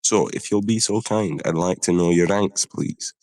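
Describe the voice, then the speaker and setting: A man's voice: deep voice, fairly even intonation, moderate pace, a little mellow, no room sound, natural voice. A man voicing a jovial self-made male steam-engine army major with a Lancashire accent, short of breath. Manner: joking, friendly officer's address.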